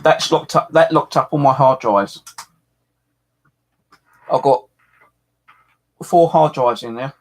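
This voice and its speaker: Gravelly, husky man ranting angrily. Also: medium pitch, slow, pauses often. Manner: angry, swearing, repeating himself. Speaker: paranormal live streamer. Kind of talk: angry live-stream rant.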